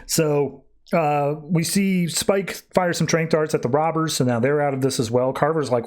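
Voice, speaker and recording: A podcast host recaps a comic issue in relaxed, chatty fashion. His voice sits slightly high for a man. He keeps the retelling animated with quick quoted lines. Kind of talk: casual comic book recap.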